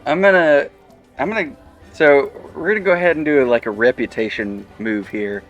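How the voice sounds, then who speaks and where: A man narrating a tabletop game as game master, halting often with fillers and little laughs. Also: medium pitch, dull audio, soft background music.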